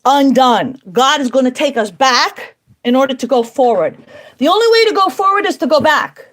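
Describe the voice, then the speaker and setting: High-voiced woman preaching on a livestream. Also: lively intonation, a little fast, fairly bright tone. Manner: emphatic, repetitive, preaching. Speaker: livestream host. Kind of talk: casual livestream monologue. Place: at home indoors.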